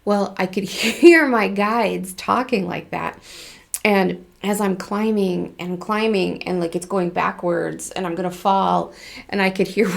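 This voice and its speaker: A woman's voice: medium pitch, steady tone, unhurried, gravelly. A woman hosting her own channel, talking casually to viewers, chatty, laughing often and acting out little exchanges of dialogue. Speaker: spiritual channel host. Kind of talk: casual talk to camera.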